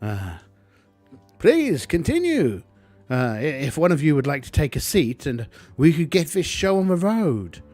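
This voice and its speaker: A man's voice: on the high side, sing-song, a little slow, a little mellow, soft background music, pitched above the performer's own voice. A man voicing a sinister, theatrical male marketeer who speaks through a speaker, gleeful and mocking. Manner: gleeful, mocking, sing-song menace.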